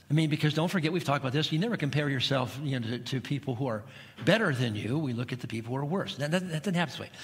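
A middle-aged man preaching from a church pulpit, driving his points home with repetition and pointed questions. His voice is bright and a little high, and it rings out with a long hall reverb. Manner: emphatic preaching with repeated phrases and rhetorical questions. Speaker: pastor. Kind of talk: sermon. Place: church sanctuary.

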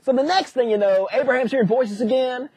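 A man with a very high, husky voice, recorded close and dry. He tells a crude comic story in a sarcastic, profane way, slipping in quick put-on voices. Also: darkish tone, no echo. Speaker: comedic storyteller. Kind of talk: crude comedic retelling.

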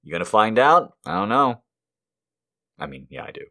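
A man voicing a smug, cruel God who taunts in a low, flat voice. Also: moderate pace. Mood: taunting.

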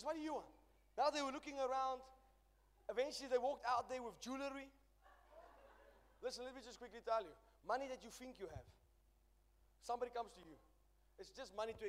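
South African male pastor, high voice, dynamic storyteller, church reverb. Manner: emphatic storytelling preacher, swings loud and soft. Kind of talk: sermon.

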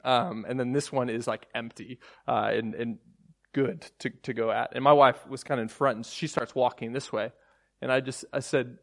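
A man in his thirties preaching, moving from a hushed prayer into a casual, self-deprecating personal story full of fillers and restarts. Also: medium pitch, steady tone, moderate pace, vocal fry. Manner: soft and hushed while praying. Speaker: pastor.

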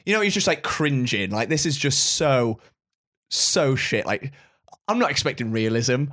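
A young man with a British accent, co-hosting a casual podcast. He tells stories in a loose, sweary way, jumping into little impressions of the people he describes. His voice sits at an ordinary pitch for a man. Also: moderate pace. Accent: British English. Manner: sweary, animated storytelling with mimicked voices. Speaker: podcast co-host. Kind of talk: casual chat.

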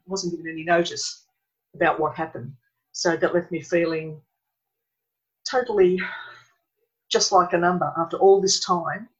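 A middle-aged woman with an Australian accent, telling a painful personal story as an interview guest, earnest and halting, often restarting her sentences. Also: lowish voice. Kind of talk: emotional personal account. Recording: dull lo-fi recording.

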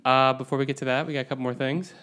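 Young male podcast host, smooth clear voice, rambling casual chat. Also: mid-range voice, steady tone, very fast, fairly bright tone. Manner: rambling, laughs easily.

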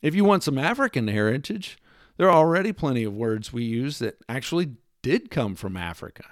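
Man for a sarcastic opinion monologue, lively swooping delivery, dry close sound. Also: mid-range voice, brisk, no echo. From United States. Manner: emphatic, sarcastic, lecturing with rhetorical questions; mimics accents in quoted lines. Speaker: commentator.

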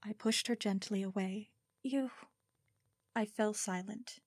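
A woman narrating a first-person story in a measured, expressive reading. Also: mid-range voice, no room sound, studio quality. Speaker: audiobook narrator.

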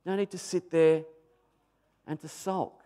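A man voicing God as a patient, firm presence who asks measured, reproving questions. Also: a little high, flat delivery, warm tone, pitched above the performer's own voice, natural voice. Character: patient, firm divine male voice, gently reproving.

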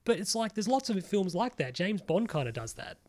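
A man's voice: high-pitched, big pitch swings, normal speed, a little mellow. A man co-hosting a casual pop culture podcast, rambling animatedly with lots of "like" and the odd swear. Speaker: podcast co-host. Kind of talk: casual chat.

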